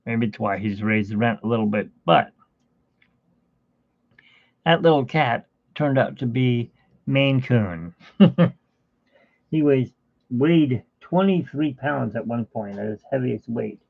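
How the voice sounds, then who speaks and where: A man's voice: medium pitch, expressive, takes it slowly, vocal fry, pauses often, dry recording, narrow, tinny audio. A man chatting casually during a home art livestream, rambling and talking fondly to his cat. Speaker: artist streaming a painting session. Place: home studio.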